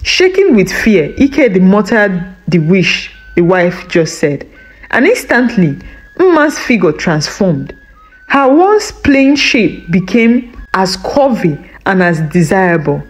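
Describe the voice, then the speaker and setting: A woman narrating a folktale in a dramatic, expressive storytelling manner. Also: mid-range voice, poor audio.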